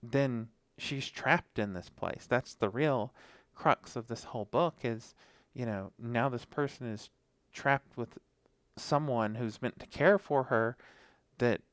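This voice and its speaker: A man's voice: medium pitch, takes it slowly, a bit bright, no room sound. A man co-hosting a horror podcast, chatting casually and rambling with lots of fillers. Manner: rambling, many fillers, acts out characters' lines. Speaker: podcast co-host. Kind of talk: casual chat reviewing a horror comic.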